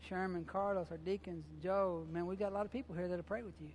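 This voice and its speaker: Man, pastor, sermon, high pitch, impassioned, colloquial, repeats himself. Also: steady tone, fast, a little mellow. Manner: impassioned, conversational preaching with repeated phrases; colloquial, informal grammar.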